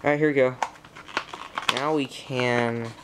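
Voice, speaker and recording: A man's voice: medium pitch, fairly even intonation, takes it slowly, very noisy. A young man narrating an unboxing at home, rambling and talking to himself and the computer, getting frustrated while it loads. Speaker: tech vlogger. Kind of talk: casual unboxing commentary.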